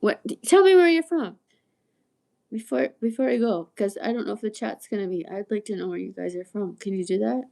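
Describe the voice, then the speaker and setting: A woman's voice: mid-range voice, steady tone, fast, creaky, hardly any pauses, warm tone. A woman in her sixties rambling casually to viewers on a livestream, chatty and prone to tangents, often laughing. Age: 60s. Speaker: livestream host.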